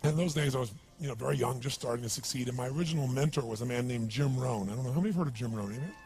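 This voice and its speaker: A man's voice: medium pitch, racing, darkish tone, soft background music. A man giving a motivational seminar talk, telling a story with energy and asking the crowd questions. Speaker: motivational speaker.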